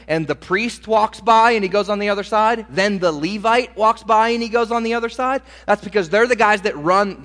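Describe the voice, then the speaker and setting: A man's voice: high-pitched, fairly bright tone. A man preaching a sermon, teaching from the Bible and acting out the dialogue of the people in the story with rising emphasis. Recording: long hall reverb.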